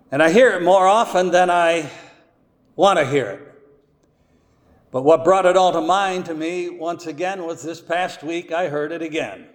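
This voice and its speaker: A high-voiced man preaches a sermon at an unhurried pace, stressing each key word with weight. His voice rings out with a long church-hall reverb. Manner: slow and deliberate, with strong emphasis on key words. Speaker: pastor.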